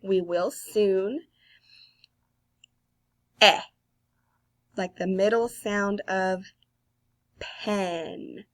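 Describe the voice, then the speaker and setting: A woman with a Southern US accent, teaching a kindergarten phonics lesson slowly and patiently, sounding out letters. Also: mid-range voice, fairly even intonation, a bit bright.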